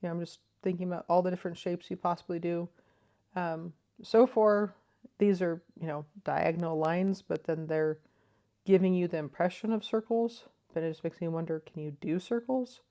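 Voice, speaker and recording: A woman's voice: lowish voice, moderate pace. A woman hosting a crochet vlog, explaining things in a thoughtful, enthusiastic way, with frequent ums. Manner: thoughtful, enthusiastic, soft-spoken with frequent fillers. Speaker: crochet vlogger. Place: living room.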